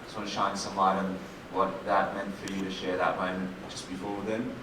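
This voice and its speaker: A male reporter asking an even, measured question at a press conference. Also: sits low. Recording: very echoey room, distant mic, background noise.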